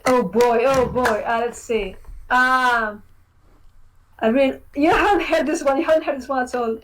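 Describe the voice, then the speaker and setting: Young female guest, high voice, rambling and giggly, on a video call. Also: normal speed, noisy background. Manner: rambling, full of fillers and restarts, giggly. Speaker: game developer guest. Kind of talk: casual online interview.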